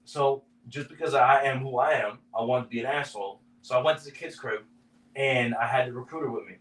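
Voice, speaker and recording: A man's voice: mid-range voice, fairly quick, far from the mic. A man spins a story in loose, casual chat, swearing freely and throwing himself into the other people's voices. He sounds set back from the mic in a roomy space. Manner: animated, acts out quoted voices, swears freely. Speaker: podcast co-host.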